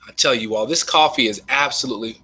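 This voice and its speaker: Upbeat man pitching online. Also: quick pace, pushed and bright, slightly rough. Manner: enthusiastic, folksy, repeats "you all". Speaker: network marketing presenter. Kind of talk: webinar sales pitch. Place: home. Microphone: webcam.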